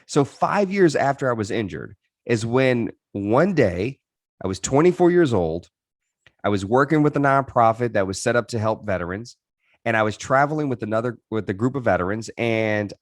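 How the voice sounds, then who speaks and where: A man's voice: mid-range voice, expressive, normal speed, no echo. Earnest man telling his story, dry sound. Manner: earnest, reflective, frequent restarts. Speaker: podcast guest. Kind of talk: candid interview storytelling.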